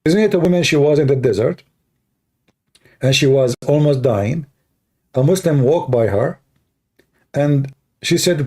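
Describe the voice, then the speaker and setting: A man's voice: fairly high pitch, animated, measured pace, pauses often, warm tone. Emphatic man with a dry throat. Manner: emphatic, challenging, repetitive; frequent throat clearing. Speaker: debater and host. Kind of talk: confrontational livestream debate.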